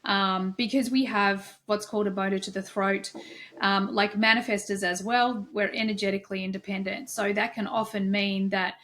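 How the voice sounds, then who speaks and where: A woman's voice: mid-range voice, level tone, normal speed, fairly bright tone. A woman hosting a podcast, affirming her guest and asking eager follow-up questions. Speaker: podcast host. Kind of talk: casual interview.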